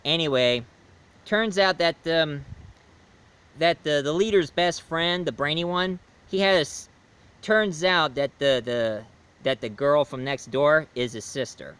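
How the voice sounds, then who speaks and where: Male online movie reviewer, bright and slightly high, loose rambling delivery. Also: unhurried, clear, resonant tone, poor audio. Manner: rambling, chatty, with many fillers and restarts. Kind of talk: casual video film review.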